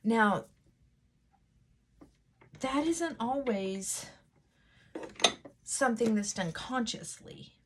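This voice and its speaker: A woman vlogger chatting casually while getting ready, talking things through in a thoughtful, unhurried way with frequent pauses and fillers. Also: on the high side, expressive, background noise. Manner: unhurried, reflective, thinking aloud.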